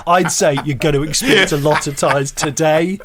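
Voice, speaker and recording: A man's voice: a little high, normal speed, fairly bright tone, a little hiss or hum. A man co-hosting a casual podcast, rambling through playful stories. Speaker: podcast co-host. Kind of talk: casual chat.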